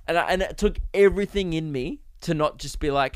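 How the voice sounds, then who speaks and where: A young Australian man rants into a close mic about a small annoyance, sarcastic and worked up, slipping into mocking voices. His voice sits fairly high for a man, smooth and clear. The sound is dry, with no room around it. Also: animated, quick pace, fairly bright tone, no echo. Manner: exasperated, sarcastic storytelling with mock voices. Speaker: podcast host. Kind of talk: solo comedic rant.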